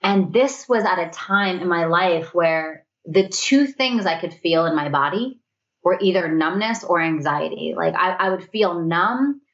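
A woman guest talks through a personal story in an earnest, reflective conversational tone, her voice sitting low for a woman. She often slips into quoting what she thought back then. The recording sounds a little dull and lo-fi. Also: animated, measured pace.

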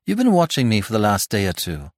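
Man reading as jittery young man, higher, pleading, lively delivery. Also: quick pace, no echo, studio quality. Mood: distraught. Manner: urgent, distraught. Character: agitated anxious young man.

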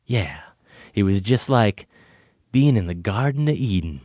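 A man doing a slow, brooding unhinged man. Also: fairly low pitch, expressive, warm tone, dry recording, studio quality. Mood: brooding, intense. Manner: drawn-out, halting delivery with whispered asides. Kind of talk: comic movie scene reenactment.

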